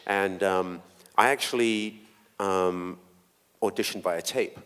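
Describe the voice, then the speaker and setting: Very deep-voiced man in a hall. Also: takes it slowly, clear, resonant tone. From London. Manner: relaxed, hesitant, draws in the audience. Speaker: actor on a fan convention panel. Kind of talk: casual panel talk. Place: large convention hall. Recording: reverberant hall with audience.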